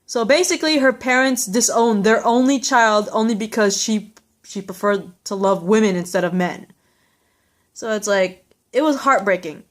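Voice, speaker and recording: A woman's voice: mid-range voice, normal speed. A woman vlogging in a casual, rambling and gushing way, with many fillers. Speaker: vlogger reviewing a TV episode. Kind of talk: casual chat.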